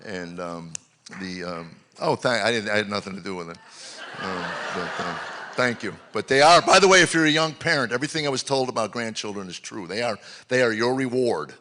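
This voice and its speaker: An older man performing a rambling stand-up comedy set on a live stage. He tells stories and swings from low mutters to loud exclamations.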